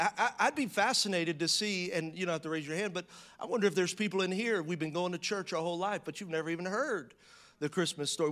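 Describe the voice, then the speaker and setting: A man's voice: sits high, a bit bright. A male pastor preaching a conversational sermon who tells a joke story and speaks to his congregation. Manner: conversational and joking, telling stories to a congregation.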